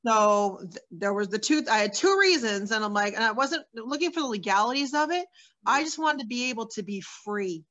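A woman's voice: on the high side, animated, fairly quick, a bit bright, highs cut off. A woman sharing her personal testimony as a guest, in a candid, earnest storytelling manner with many fillers.

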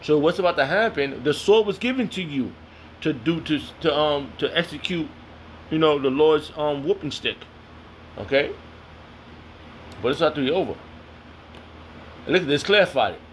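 A man's voice: fairly high pitch, lively intonation, moderate pace, long pauses, slight background noise. A man reading scripture aloud and commenting on it in a heated, confrontational, slangy way. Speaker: self-styled preacher.

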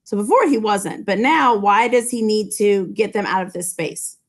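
A woman's voice: mid-range voice, normal speed. A woman English teacher casually explaining a novel to her students, chatty and full of fillers.

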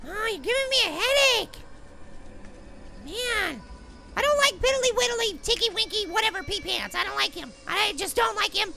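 A squeaky tiny cartoon apple. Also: moderate pace, creaky, exaggerated voice. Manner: excitable, shrieks and yells, silly name-calling. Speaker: gaming video host. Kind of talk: cartoon character game commentary.

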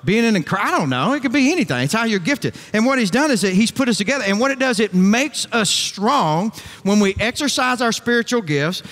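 Man, pastor, high voice, emphatic sermon, reverberant church hall. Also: lively intonation, a little fast, fairly bright tone. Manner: emphatic, rhetorical questions, folksy asides. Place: church sanctuary.

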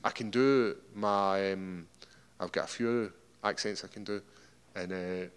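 A man's voice: sits low, steady tone, unhurried, clean tone. Scottish man rambling in an echoey hall. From Scotland. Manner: rambling, repeats words, self-deprecating. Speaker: fighter. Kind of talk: media day interview.

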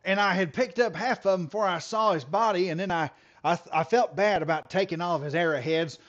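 A man's voice: sits high, a little fast, muffled recording, pitched above the performer's own voice, natural voice. A man voicing a very old, nearly toothless country man who drawls and stammers through a rambling answer.

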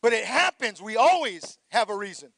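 High-voiced preaching pastor, close and dry. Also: male voice, sing-song, normal speed, creaky, no room sound. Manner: preaching, swells to shouted calls for praise; drops low and quiet for reflective passages. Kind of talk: sermon.

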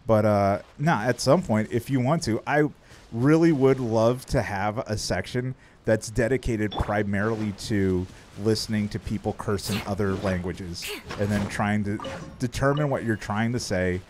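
A man's voice: fairly low pitch, moderate pace, a little mellow, slight background noise. A man streaming a game, chatting casually, swearing freely and laughing often as he rambles with restarts. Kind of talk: casual live-stream chat while gaming.

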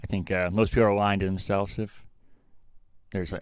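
A man with a low, smooth voice chatting casually as a podcast co-host. He rambles, fills gaps with "um" and "like," and laughs often. The sound is dry and close. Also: level tone, normal speed, no echo. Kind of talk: casual chat.

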